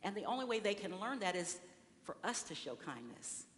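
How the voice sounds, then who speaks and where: A woman's voice: mid-range voice, very animated, moderate pace. A woman delivers a sermon from the pulpit of a large church, her voice carrying with a long echo and faint room noise behind it. She talks to the congregation conversationally, putting questions to them and acting out what people say. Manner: conversational preaching with rhetorical questions and acted-out quotes. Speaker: speaker at a church service.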